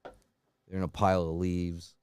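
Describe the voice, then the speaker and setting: A man co-hosting a podcast, telling absurd stories in a deadpan way and directing comic bits. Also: low-pitched, unhurried, clean tone. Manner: deadpan storytelling breaking into mock wailing. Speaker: podcast co-host.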